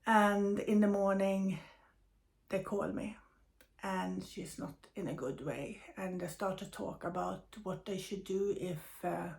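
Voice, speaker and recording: A middle-aged woman telling a personal story of loss, tired and emotional, speaking haltingly with many pauses. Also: mid-range voice, creaky, darkish tone. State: tired and grieving. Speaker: medium sharing personal news.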